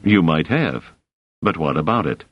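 A man's voice: very deep voice, sing-song, unhurried, slightly rough, no echo, dull audio, full character voice. A man voicing a brusque male mathematician with a dry, impatient way of talking.

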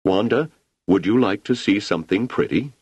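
A man voicing a kindly, absent-minded older male scholar who speaks slowly and reassuringly. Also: sits low, big pitch swings, dry recording, heavily acted. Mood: eager.

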